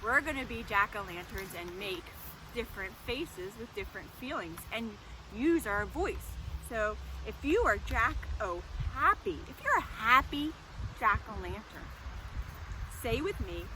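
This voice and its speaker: A woman leading a children's lesson in a goat yard, animated and sing-song as she talks to the kids and her goats. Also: a little high, measured pace. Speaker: children's librarian. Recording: noisy outdoor goat yard.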